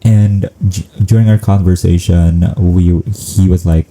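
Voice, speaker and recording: Deep-voiced young man, chatty. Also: fairly even intonation, a little slow, mellow, slight background noise, rough recording. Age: young adult. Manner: chatty, self-aware rambling, acting out quoted dialogue. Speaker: vlogger. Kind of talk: casual storytelling to camera.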